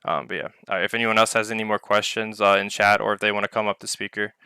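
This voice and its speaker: A man hosts a loose community Q&A over voice chat, drifting through his points with plenty of ums and uhs. His voice is bright and clean. The sound is dry and close, with no room around it. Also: fairly low pitch, flat delivery, fast, smooth, no room sound. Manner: rambling, heavy on filler words. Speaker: project owner hosting a community Q&A. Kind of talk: casual live voice-chat Q&A. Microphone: online voice chat mic.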